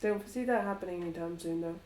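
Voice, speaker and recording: A woman's voice: on the low side, rapid-fire, a little mellow, a little hiss or hum, pitched below the performer's own voice, close to an everyday voice. A woman playing a charming young woman in tabletop role-play, teasing and fondly bossy. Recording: roomy echo.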